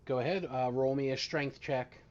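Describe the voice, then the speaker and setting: A man acting as dungeon master on a live tabletop game stream, chatty and excitable with many fillers. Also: mid-range voice, moderate pace. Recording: dull lo-fi mic.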